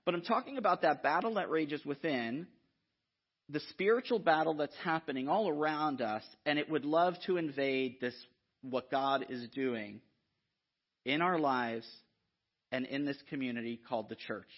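A man preaching a sermon in an animated, conversational way, often checking in with the listeners. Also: on the high side, normal speed. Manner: animated, conversational, frequent "right?" asides. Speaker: guest preacher. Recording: dull lo-fi sound.

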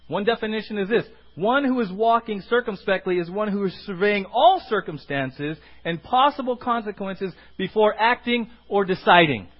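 A man preaching a sermon as pastor, animated and acting out the voices of the people he quotes. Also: high-pitched, moderate pace, few pauses, muffled recording.

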